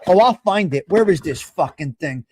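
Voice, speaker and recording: A man hosting a live stream, chatting casually and ranting loudly with heavy swearing, calling out viewers by name. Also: on the high side, lively intonation, normal speed, breathy edge. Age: 50s. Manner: loud, profane, ranting, addresses viewers by name.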